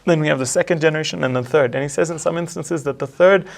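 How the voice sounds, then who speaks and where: A man in a religious discussion, quickly reciting Quranic verses in Arabic and then explaining them in English. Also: fairly high pitch, vocal fry. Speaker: religious commentator. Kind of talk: discussion analyzing a religious letter.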